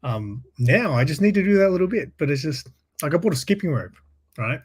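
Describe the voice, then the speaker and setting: Aussie guy yarning away, husky voice, laughs a lot. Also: on the high side, very animated, a little fast. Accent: Australian. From Australia. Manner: laughs often while telling stories. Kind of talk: casual chat, storytelling.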